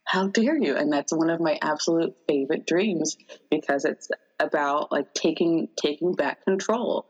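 Low-voiced woman rambling through a dream story. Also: moderate pace, slightly rough, rough recording. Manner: rambling, animated retelling with many fillers. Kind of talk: casual chat, recounting a dream.

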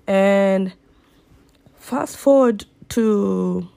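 A woman's voice: mid-range voice, very slow, gravelly, dark tone, dry recording. A young woman telling a personal story to her viewers in a candid, reflective way. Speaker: vlogger. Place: home near a busy road.

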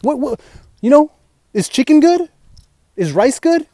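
A man's voice: sits high, very animated, fairly quick, dark tone, no echo. Man plays an overwhelmed gym newbie, hesitant, spilling out questions, dry close mic. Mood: bewildered. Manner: hesitant, then a flurry of anxious questions. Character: confused male gym newcomer, overwhelmed.

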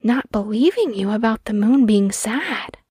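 Encouraging astronaut mother, bright and expressive, storybook tone; a woman plays her. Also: a little high, measured pace, slightly rough, no room sound, studio quality, heavily acted. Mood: cheerful.

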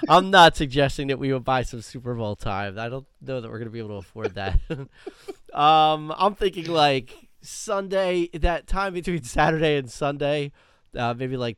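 A man co-hosting a podcast, chatting casually in a measured, reassuring manner with dry humor. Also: medium pitch, a bit bright, smooth, no room sound. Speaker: podcast co-host. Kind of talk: casual chat.

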